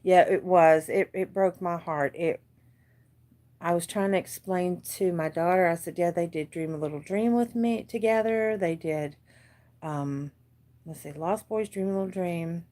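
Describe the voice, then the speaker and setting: Broadcasting live from a dim room in her home, a fortysomething American woman chats her way through a relaxed crafting session. She speaks unhurriedly in a fairly low voice, drifts off topic easily and laughs a lot.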